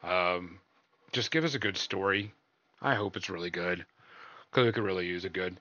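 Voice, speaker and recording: A man hosting a podcast, rambling through casual reviews with lots of ums and trailing remarks. His voice sits low but has a bright, forward edge. The audio is dry and slightly dull. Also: normal speed, long pauses, no echo. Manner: rambling, filler-heavy, trails off quietly. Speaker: podcast host.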